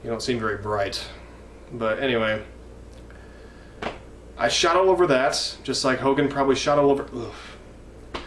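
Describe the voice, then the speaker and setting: A man's voice: medium pitch, moderate pace, long pauses, fairly bright tone, distant mic. Profane ranting young man vlogging. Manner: profane, indignant, rambling. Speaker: wrestling fan vlogger. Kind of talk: ranting vlog. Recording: echoey room, mic from afar, faint noise.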